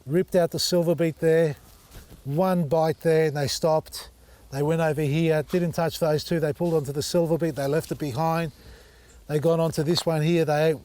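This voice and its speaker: A man's voice: a little high, darkish tone. A man hosting a casual vlog outdoors in his vegetable garden, chatty and exasperated, talking to viewers as folks. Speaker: gardening channel host.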